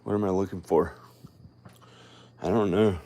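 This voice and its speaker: A man's voice: deep voice, steady tone, unhurried, mellow. A man vlogging at home, rambling and musing aloud to himself in a casual monologue. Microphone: filming himself on camera.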